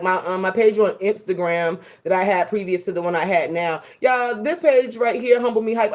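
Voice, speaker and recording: Sassy woman vlogger, animated. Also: on the low side. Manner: animated, dramatic, sassy with slang. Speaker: host. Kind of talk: casual commentary vlog.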